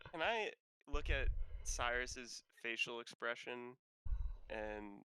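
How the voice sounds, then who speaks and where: A man playing a tabletop game, speaking in a hesitant, halting way. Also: medium pitch, expressive, recorded from a distance, crowd noise, poor audio. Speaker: player. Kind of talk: casual tabletop play.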